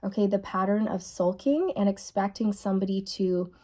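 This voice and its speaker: Mellow-voiced woman giving a tarot reading. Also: medium pitch, normal speed. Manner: soft, musing, repeats key phrases. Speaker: tarot reader. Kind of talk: channeled tarot reading to camera.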